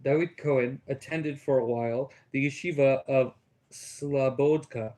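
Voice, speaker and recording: A man with a Texas accent, a student reading a text aloud in class, steady with small stumbles. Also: mid-range voice, unhurried, poor audio.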